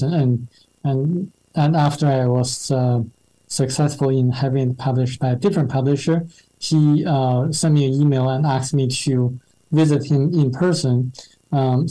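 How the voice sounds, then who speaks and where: A man whose first language is Chinese answers a host's questions as an interview guest. His voice is mellow and dark, and he speaks hesitantly, with frequent fillers and false starts. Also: medium pitch, poor audio. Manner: hesitant, many fillers and restarts. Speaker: guest, translator.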